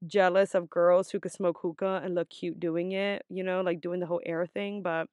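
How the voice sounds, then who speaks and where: A woman's voice: on the low side, little pitch movement, normal speed, darkish tone, no room sound, muffled recording. A young adult woman vlogger telling a story in a casual, chatty way, full of swearing and "like" fillers.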